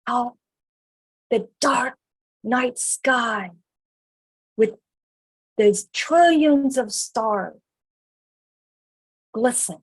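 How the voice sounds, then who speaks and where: Slow, high-voiced woman preaching. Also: husky. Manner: slow, emphatic preaching with drawn-out phrases. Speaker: minister. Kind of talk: sermon. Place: church sanctuary.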